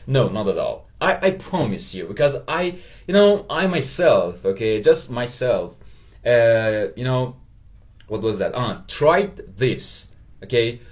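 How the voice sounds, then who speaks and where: A man with a Persian accent, a native Persian speaker, hosting a motivational solo podcast in English, earnest and halting, often checking in with "okay?". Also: mid-range voice, darkish tone. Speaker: podcast host.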